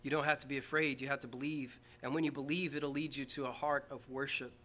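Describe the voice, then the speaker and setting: A pastor preaching a sermon in church, swinging from quiet, slow, earnest passages up to loud emphatic peaks. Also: male voice, medium pitch, flat delivery.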